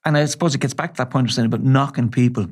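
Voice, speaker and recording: A middle-aged man with an Irish accent speaking as an interview guest, telling a story in a measured, earnest way and often restarting his sentences. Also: medium pitch, steady tone. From Ireland. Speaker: charity chief executive, interview guest.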